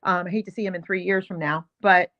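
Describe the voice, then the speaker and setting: A woman's voice: fairly low pitch, steady tone, fast. Indignant female host, emphatic and repetitive, slightly muffled lo-fi stream sound. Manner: indignant, emphatic, repeats herself. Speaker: show host. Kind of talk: heated commentary on video clips.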